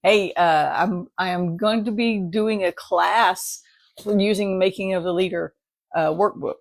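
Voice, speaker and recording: Woman, gravelly voice, dry close sound, casual devotional talk, rambling, laughs a lot. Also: on the low side, moderate pace, no echo. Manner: chatty and rambling, laughs often, keeps asking "right?". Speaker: Bible study teacher.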